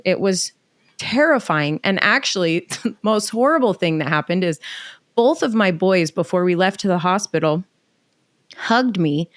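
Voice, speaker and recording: A woman's voice: mid-range voice, no echo. Candid mom telling her story. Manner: animated, emotional, quick asides with reenacted dialogue. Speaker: podcast guest.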